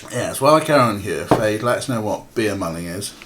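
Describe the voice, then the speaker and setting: A man with a lowish, fairly quick, slightly bright voice and lively intonation streams a point-and-click game. His casual let's-play commentary rambles with many fillers as he chats with viewers and his cats.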